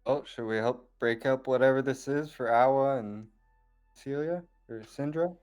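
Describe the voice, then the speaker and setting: Easygoing male player, mid-pitched and smooth. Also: moderate pace, a little mellow, soft background music. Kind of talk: in-character tabletop play.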